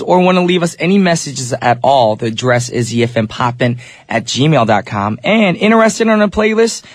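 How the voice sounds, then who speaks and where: There's no room sound as this man hosts a live studio radio show, upbeat and chatting with listeners despite being slightly ill. His cold has lowered his voice below its usual depth.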